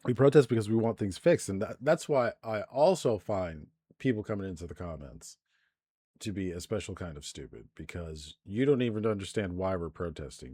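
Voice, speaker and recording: A man's voice: deep voice, darkish tone, no room sound, studio quality. A man hosting a live stream, ranting in profane commentary with lots of restarts and filler. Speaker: streamer host.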